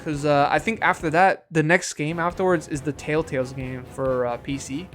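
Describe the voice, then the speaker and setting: A man's voice: a little high, steady tone, normal speed, a bit bright, faint music behind. A man streaming a video game, chatting casually, rambling and swearing at the game, with chuckles. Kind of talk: casual live-stream chat.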